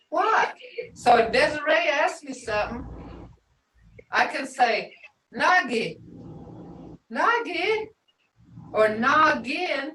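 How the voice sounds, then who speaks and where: A woman's voice: a little high, fairly bright tone. A woman teaching a language class, patiently explaining and repeating example words. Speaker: language instructor. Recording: roomy sound from a distant mic.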